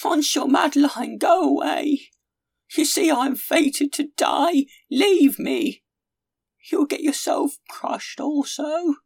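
A man voicing a desperate old male carter who cries out in shrill, high pleas. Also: slow, creaky, exaggerated voice. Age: older.

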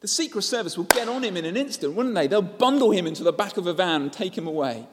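Preacher in an echoey hall. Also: male voice, sits high, lively intonation, fast, background noise. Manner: storytelling, with rhetorical questions. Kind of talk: sermon.

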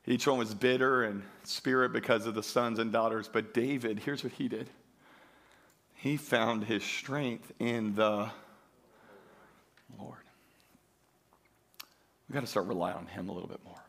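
A man's voice: fairly low pitch, a little slow, vocal fry, pauses often, a bit bright. A man preaching a sermon to a church congregation, emphatic and driving, calling out for praise in call-and-response. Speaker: pastor. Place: church sanctuary.

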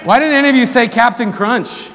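Brief: high-pitched male chapel speaker, joking with a student crowd, long hall echo, crowd murmur. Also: a little fast. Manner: playful, jokey, calls out to the crowd. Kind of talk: lively sermon intro with audience game. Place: large hall with student audience. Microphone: handheld mic. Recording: reverberant hall, crowd and noise.

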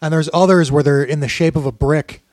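A man on a podcast, chatting casually and tossing in quick jokes. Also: a little high, steady tone, a little mellow, no room sound. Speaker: podcast co-host.

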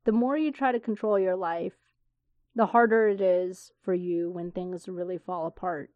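A woman's voice: lowish voice, steady tone, moderate pace, no echo, lo-fi sound. A woman hosting a podcast alone, talking in a candid, rambling way with swearing and asides. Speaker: podcast host. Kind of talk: casual solo podcast talk.

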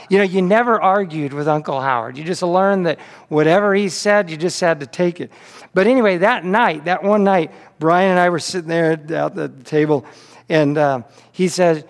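A man's voice: fairly high pitch, brisk, creaky, big-room sound. A man pastor delivering a sermon, telling a story with frequent repeated words on restarts.

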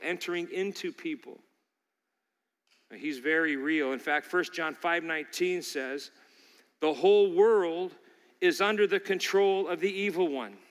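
A man's voice: sits high, a bit bright, long reverb tail. A male pastor preaching a sermon, emphatic and fond of repeating key lines for emphasis.

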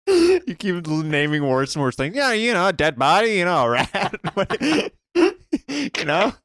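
A man's voice: sits high, huge pitch swings, measured pace, fairly bright tone, no room sound, studio quality. A man in crude casual chat, teasing and quizzing with mock-incredulous questions.

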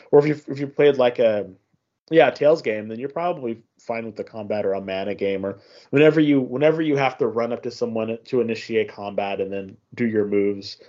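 A man's voice: mid-range voice, dark tone, highs cut off. A man casually chatting on a gaming podcast, rambling with many restarts as he recounts a game. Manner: rambling, many restarts, acts out game dialogue in quick voices. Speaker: podcast host.

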